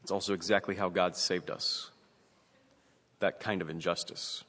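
Male pastor, earnest measured sermon delivery, lower voice, long church reverb. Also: flat delivery, a bit bright. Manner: earnest, measured preaching with emphatic rises. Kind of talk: sermon with scripture reading.

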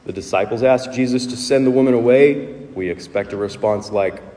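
A man's voice: medium pitch, fairly quick, dark tone, in a large hall. A man preaching a sermon as pastor, explaining the text in a conversational teaching way and posing rhetorical questions. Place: church sanctuary.

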